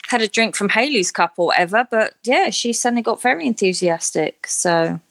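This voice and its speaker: A woman's voice: mid-range voice, expressive, brisk, a bit bright, a little hiss or hum. Chatty woman recapping a reality show. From not Australia. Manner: chatty, opinionated, self-deprecating. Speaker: podcast co-host.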